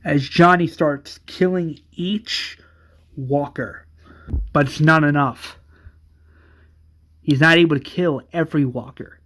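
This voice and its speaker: Slow-talking man narrating a fan story. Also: a little high, a bit bright. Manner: loose, conversational retelling with fillers.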